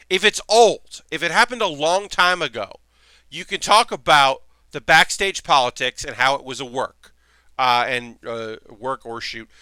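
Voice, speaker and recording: A man's voice: fairly high pitch, bright, forceful tone, clean tone, no room sound. A man hosting a live building stream, chatting casually and rambling with lots of fillers and restarts.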